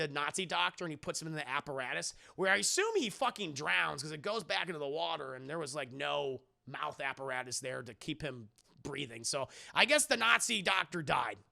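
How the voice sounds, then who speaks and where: Man, high voice, heavy vocal fry, casual stream review, profane, sarcastic. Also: pushed and bright. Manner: sarcastic, profane, acts out quotes; addresses chat directly. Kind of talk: casual spoiler review recap.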